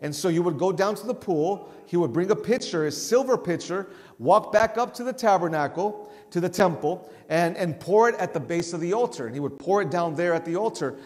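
A man leading a Bible study, talking in a loose conversational way, often restarting his words and raising his voice to act out shouts. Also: sits high, expressive, fairly quick, hardly any pauses, in a large hall.

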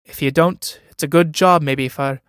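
A man's voice: on the high side, steady tone, moderate pace, a bit bright, clean tone, no room sound, studio quality, close to an everyday voice. A man reading a play aloud, voicing a timid, awkward young farmer who speaks uneasily and hesitantly.

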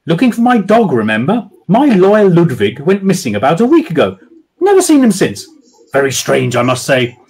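A man's voice: on the high side, huge pitch swings, normal speed, a little mellow, husky, heavily acted. A man voicing a curious, slightly mocking village man out looking for his lost dog. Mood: questioning.

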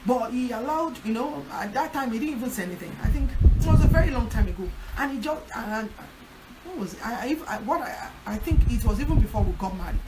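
A woman pastor presses her points home on a prayer line, repeating them with emphasis. Her voice sits a little high. A loud hiss of background noise runs under the whole recording. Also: animated, quick pace. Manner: emphatic, repetitive exhortation. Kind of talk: teaching talk on a prayer line.

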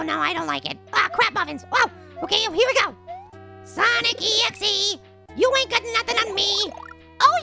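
A man voicing a tiny, cocky boy apple in a cartoon gaming video, trash-talking in a squeaky, gravelly high voice with slangy rhymes. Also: heavily acted. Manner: brash, jokey trash talk with slangy rhymes. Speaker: game-playing cartoon character. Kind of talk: let's-play commentary in character. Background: game music.

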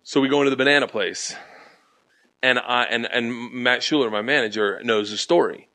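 A man's voice: mid-range voice, normal speed. A middle-aged male comedian telling a profane story as a podcast guest, acting out the crowd's chants as he goes. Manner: animated, profane, acts out chants.

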